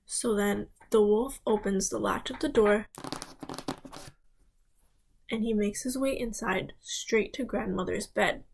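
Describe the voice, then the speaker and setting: A young woman student telling a fairy tale aloud, speaking to her listeners with dramatic pauses. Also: medium pitch, gravelly, husky, poor audio. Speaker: student storyteller. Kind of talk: oral fairy-tale storytelling.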